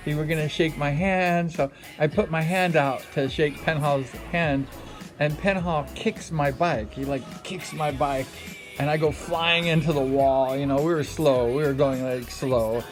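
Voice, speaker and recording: A middle-aged man with a somewhat high voice tells a rambling, filler-heavy racing story in a casual way. Loud music plays underneath him throughout. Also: steady tone, unhurried. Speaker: former speedway racer.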